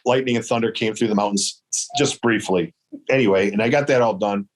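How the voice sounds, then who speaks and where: Low-voiced man telling hunting stories. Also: a little fast. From Michigan. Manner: relaxed, rambling, acts out quoted voices. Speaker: guest, traditional bow hunter. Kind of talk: casual storytelling.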